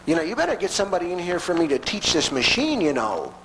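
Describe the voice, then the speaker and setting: A man's voice: high voice, huge pitch swings, quick pace, fairly bright tone, a little hiss or hum, exaggerated voice, poor audio. Plainspoken older factory worker, wry, blunt, voiced by a man telling a story. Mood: urgent.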